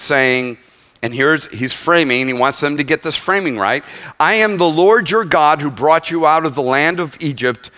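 Animated male preacher in a reverberant hall. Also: fairly high pitch. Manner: animated preaching with jokes and restarts. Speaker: pastor. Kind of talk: sermon.

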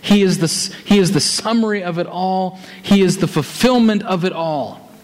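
A man delivering a sermon in a fairly high voice. He reads scripture aloud and runs quick asides into slow, weighty phrases. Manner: animated, switches between fast asides and slow, stressed phrases. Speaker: preacher.

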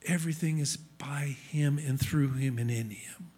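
A man's voice: a little high, a little slow, a little mellow, breathy edge. A man preaching a sermon to a congregation in an earnest, rising and falling delivery. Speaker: messianic congregation teacher. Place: congregation hall with screen.

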